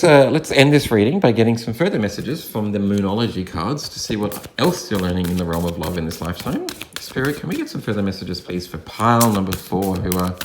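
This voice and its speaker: A man giving a pick-a-card tarot reading, talking gently and encouragingly, often restarting his phrases. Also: roomy sound, background noise. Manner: gentle, affirming, drifting in pitch with frequent restarts. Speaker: tarot reader.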